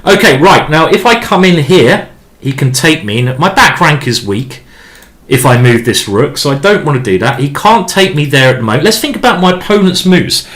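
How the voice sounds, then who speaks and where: A man's voice: fairly high pitch, lively intonation, moderate pace, a bit bright. A man streaming a chess game live. He thinks aloud in a chatty, rambling way with many restarts as he explains his moves.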